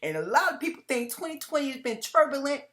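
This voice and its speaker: A woman's voice: high-pitched, big pitch swings, fast talker, fairly bright tone. A middle-aged woman hosting her own commentary channel, talking to viewers in an emphatic way that repeats phrases and breaks into laughs between points.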